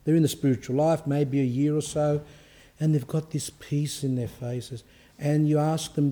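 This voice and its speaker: A male priest giving an informal, lively sermon, telling stories with acted quotes. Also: fairly high pitch, normal speed. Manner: animated storytelling with acted quotes.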